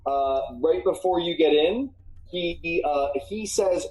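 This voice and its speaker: A game master narrating a tabletop game, pausing often with ums and restarts. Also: mid-range voice, darkish tone, faint music behind, rough recording.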